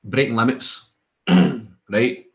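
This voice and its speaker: A man's voice: lowish voice, drawn-out words, soft background music. A young Scottish man, a wrestler, casually telling rambling anecdotes in an interview, with many restarts and laughs. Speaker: wrestler guest.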